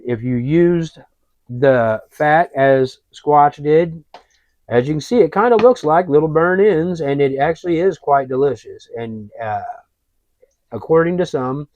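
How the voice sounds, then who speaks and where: Slow, easygoing man narrating cooking. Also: mid-range voice, no echo. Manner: relaxed, folksy, rambling with fillers. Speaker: cooking show host. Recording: dull lo-fi, dry.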